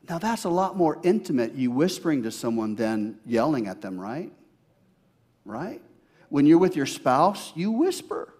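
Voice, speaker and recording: A man pastor preaching a sermon, swinging from loud emphasis to hushed, near-whispered asides. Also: mid-range voice, big pitch swings, normal speed, slightly rough.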